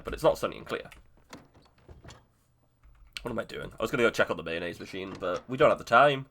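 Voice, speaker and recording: A man's voice: on the low side, animated, fast talker, creaky, pauses often, a bit bright. A man streaming live gameplay, chatting to himself in a self-mocking way and laughing easily. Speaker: video game streamer.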